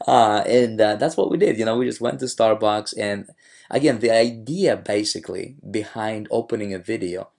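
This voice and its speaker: A man with a hoarse voice, talking casually as a marketing coach about his own videos, rambling with many fillers and restarts. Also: lowish voice, normal speed, darkish tone.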